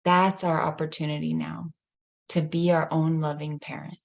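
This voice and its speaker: A woman in her thirties speaks as a somatic healing coach, her voice sitting a little low. She talks in a gentle, reflective way, with soft laughs between her thoughts as she tells a story from home. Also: little pitch movement, normal speed, gravelly. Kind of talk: casual teaching talk with personal story.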